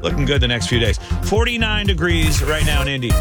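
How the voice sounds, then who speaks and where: Man, morning radio host, goofy and playful, slightly high voice, loud music bed behind. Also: big pitch swings. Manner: goofy, playful, quick to laugh. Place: radio studio.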